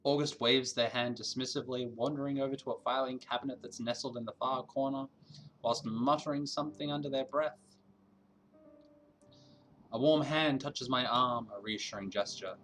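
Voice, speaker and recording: A man streaming a visual novel, reading its narration aloud in an even voice between asides. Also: medium pitch, moderate pace, a little hiss or hum.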